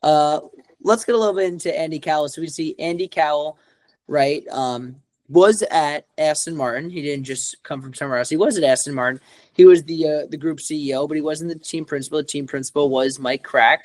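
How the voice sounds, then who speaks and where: A man's voice: a little high, brisk, darkish tone, no room sound. Rambling man with a dry, close sound. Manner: rambling, many fillers and restarts. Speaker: podcast co-host. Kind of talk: casual chat.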